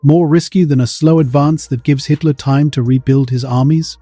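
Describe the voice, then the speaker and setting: A man voicing a calm, steely middle-aged American general who speaks quietly and firmly. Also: a little high, no room sound, soft background music, lightly acted. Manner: quiet, measured, firm.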